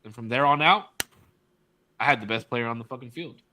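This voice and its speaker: A man co-hosting a casual podcast, an animated storyteller who acts out quotes and swears freely. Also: mid-range voice, brisk, a little hiss or hum. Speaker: podcast co-host, father.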